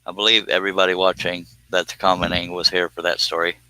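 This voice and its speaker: A man's voice: low-pitched, level tone, quick pace, bright, forceful tone, smooth, no room sound. A man hosting a woodworking live stream, chatting casually and joking as he reads viewer comments. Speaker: woodworking livestream host.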